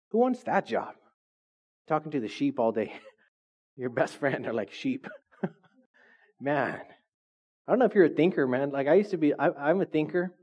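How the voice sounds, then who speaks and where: A man preaching a sermon as a pastor, lively and joking, acting out voices from his stories. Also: a little high. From California. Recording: dull lo-fi sound.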